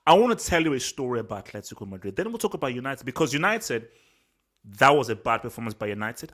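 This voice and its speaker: Animated football vlogger on a rant. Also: mid-range voice, quick pace. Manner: animated, repetitive, slangy and self-assured; worked up and angry. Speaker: football channel host. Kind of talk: solo post-match reaction rant.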